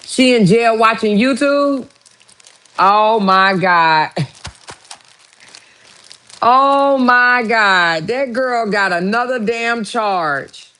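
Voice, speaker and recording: A woman hosting her own vlog, reacting out loud to news with exclamations and lots of swearing, talking straight to her viewers. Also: a little high, very slow, long pauses, low-quality recording. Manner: profane, exclamatory, talks to viewers. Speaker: vlogger host. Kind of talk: casual reaction commentary.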